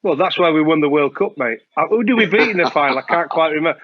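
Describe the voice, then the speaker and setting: A man's voice: a little high, expressive, fast, fairly bright tone, slight background noise. A man in his forties hosting a podcast, teasing his guest in a casual, jokey way. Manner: teasing, jokey, laughs often. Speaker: podcast host, former cricketer. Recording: dry, thin lo-fi sound.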